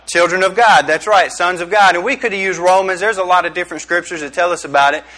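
Bright, joking preacher man. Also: sits high, fast talker. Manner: joking, chatty, quizzes the audience. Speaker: youth pastor. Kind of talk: casual youth sermon. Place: small room with a group.

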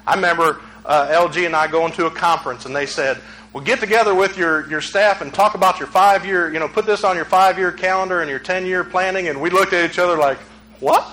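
A man preaches in a high, bright voice. He talks to his congregation casually, then climbs in pitch and force until he shouts. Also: fast, slight background noise, low-quality recording. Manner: conversational preaching, rising to shouts. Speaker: pastor. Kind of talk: sermon.

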